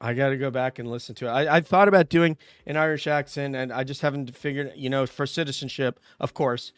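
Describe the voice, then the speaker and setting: A man's voice: mid-range voice, fairly even intonation, brisk, clean tone, no echo. A man hosting a casual podcast chat, joking and teasing his co-host and laughing often.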